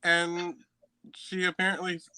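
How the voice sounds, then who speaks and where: Bright-toned playful man co-host. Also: high voice, a little slow, clean tone, dry recording, poor audio. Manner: playful, animated teasing. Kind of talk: casual chat.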